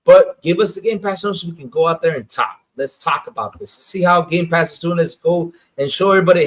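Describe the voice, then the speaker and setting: A man hosting a casual gaming livestream, talking in an animated, emphatic way and repeating his phrases for effect. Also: on the high side, brisk, hardly any pauses, husky. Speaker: gaming show host. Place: lives in the Dominican Republic.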